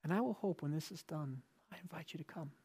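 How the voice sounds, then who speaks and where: A man's voice: on the high side, fast talker, a little mellow, slightly rough. A male pastor giving a sermon in a conversational way, with rhetorical questions and emphatic repetition.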